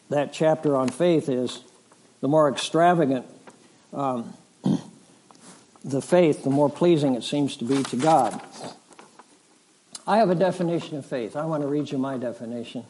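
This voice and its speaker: Slow, dramatic preaching man. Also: medium pitch, darkish tone. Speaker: pastor. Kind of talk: sermon.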